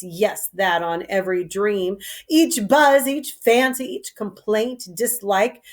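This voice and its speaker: A woman reading a cold, scheming princess. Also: a little high. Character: cold, scheming royal daughter. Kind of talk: solo reading of a play.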